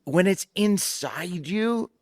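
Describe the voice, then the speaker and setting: A man in his forties hosting a podcast, speaking in an animated, personal storytelling way in casual conversation. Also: high-pitched, takes it slowly, no echo, clean studio sound. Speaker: podcast host.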